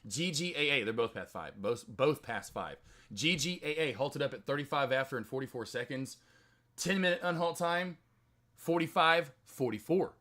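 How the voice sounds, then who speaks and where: Bright-voiced excitable male stream host. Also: medium pitch, normal speed. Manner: excitable, chatty, quotes others in loud outbursts. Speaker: stock trading livestream host. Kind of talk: casual live-stream chat to viewers.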